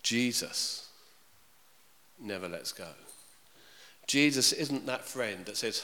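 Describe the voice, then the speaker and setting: A man's voice: medium pitch, lively intonation, slow pace, pauses often, bright, forceful tone. A man preaching a sermon in a chatty way, often asking his congregation questions. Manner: conversational, asks the congregation questions. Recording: reverberant hall.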